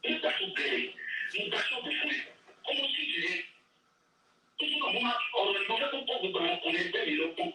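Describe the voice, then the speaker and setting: A man with a Nigerian accent giving animated, emphatic answers in an interview. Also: high-pitched, rapid-fire, faint music behind. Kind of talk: interview answers mixing Yoruba and English. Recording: echoey room from far off.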